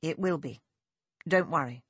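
Woman doing a polite young lord, formal and steady, low husky tone. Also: measured pace, dry recording, exaggerated voice. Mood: courteous. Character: young aristocratic male lord, kind and assured. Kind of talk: audiobook character voice.

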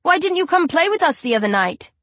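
A woman's voice: very high voice, very animated, fairly quick, fairly bright tone, dry recording, pitched above the performer's own voice, exaggerated voice. A woman voicing a brash, provoking teenage school bully who jeers and taunts. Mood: shouting. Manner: jeering, provoking.

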